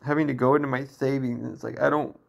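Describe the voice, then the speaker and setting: Brief: distressed young man, twenties, creaky low-key voice, halting confessional vlog delivery. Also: flat delivery, darkish tone. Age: 20s. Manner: halting, full of restarts and fillers, downcast. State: emotionally distressed. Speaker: vlogger. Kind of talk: personal venting monologue.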